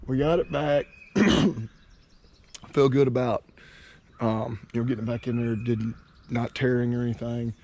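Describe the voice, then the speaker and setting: A folksy, chatty male farmer vlogs outdoors on his cattle farm, sounding winded and worn out after wrestling a cow. His voice sits at an ordinary middle pitch, and a faint hum of outdoor noise runs underneath. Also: fairly even intonation, normal speed, a little mellow. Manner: folksy and chatty, with dad jokes. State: out of breath and tired after working a cow. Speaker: cattle farmer and channel host. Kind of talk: casual farm vlog talk.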